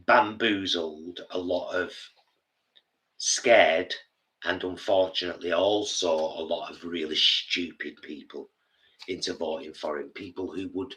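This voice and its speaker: Low-voiced northern english bloke on a live stream, blunt and opinionated, bright edge. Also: male voice, fairly even intonation, unhurried. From England. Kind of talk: casual live-stream chat.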